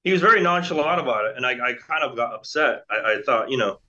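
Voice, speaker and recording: An American guest in his forties tells a long, casual story during an interview, rambling and restarting amid many fillers. He is a fast talker with a medium-pitched, expressive voice that sounds pushed and bright. The recording has a dull, lo-fi quality.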